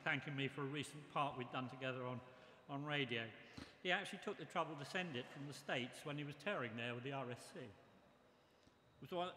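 An older man giving a memorial tribute speech, reminiscing in a measured way. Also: mid-range voice, sharp tone, slight background noise. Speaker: memorial speaker. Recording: echoey hall with long reverb.

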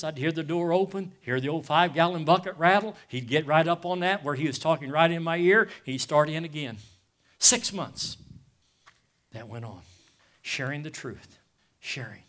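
Bright-voiced pastor preaching with fervor. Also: male voice, on the high side, moderate pace. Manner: swings from hushed, near-whispered confession to loud impassioned preaching; addresses listeners as "guys" with call-outs of "Amen?". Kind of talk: sermon.

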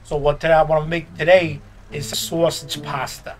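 A man's voice: fairly high pitch, little pitch movement, slight background noise, natural voice. A man voicing a brash Italian-American mobster with a New York accent, picking fights while narrating a game. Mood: instructive. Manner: tough-guy, swaggering, quick to pick fights. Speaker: gaming YouTuber. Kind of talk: in-character comedic gameplay commentary. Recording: roomy echo with game music behind.

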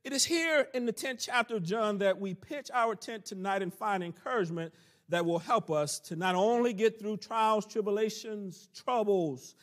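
A man's voice: sits high, normal speed. A man teaching a church Bible study in preaching style, stretching key phrases for emphasis and dropping in folksy country asides.

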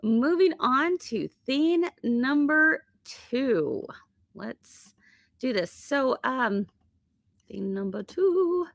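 Bubbly, slightly hoarse woman host. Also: high-pitched, lively intonation, extremely slow, dry recording. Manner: bubbly, chatty, laughs often. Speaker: quilt shop host. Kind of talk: live sewing tutorial chat.

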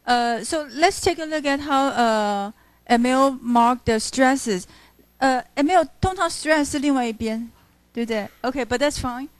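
A woman teaches a university poetry class, reading lines aloud to show where the stresses fall. Her voice sits fairly high and sounds close and dry, with little room around it. She often stops to check with her students. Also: a little slow, dry recording. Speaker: literature professor. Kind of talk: classroom lecture mixing English and Mandarin.

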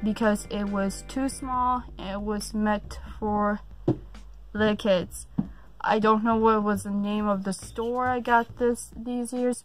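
A woman's voice: mid-range voice, steady tone, slow pace, faint music behind. A woman showing off her haul in a casual vlog, gushing and swearing casually, repeating words for emphasis. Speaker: vlogger.

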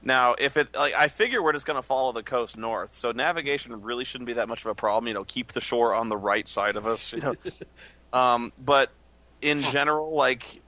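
Man explaining game rules, bright-toned. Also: medium pitch, a little fast. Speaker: player. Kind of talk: casual chat.

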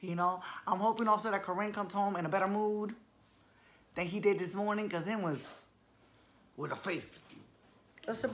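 A woman's voice: medium pitch, moderate pace, long pauses, a little hiss or hum. A woman in her forties chatting casually to her viewers, full of slang and calling them y'all. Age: 40s. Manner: colloquial, playful slang. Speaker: vlogger. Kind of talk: casual chat.

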